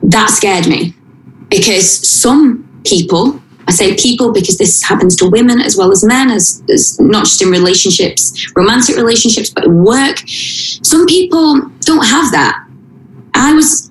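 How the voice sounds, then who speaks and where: A woman telling a painful personal story in an interview, halting and emotional, with frequent restarts. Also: medium pitch, a little hiss or hum. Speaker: interview guest. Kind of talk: personal account in conversation. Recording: roomy echo.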